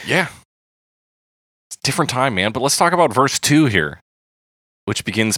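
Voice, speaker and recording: A man's voice: mid-range voice, normal speed, pauses often, no room sound, clean studio sound. A man co-hosting a podcast, chatting casually and animatedly about a song. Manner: animated, laughing, reads lyrics aloud. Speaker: podcast co-host. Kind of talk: casual chat about music.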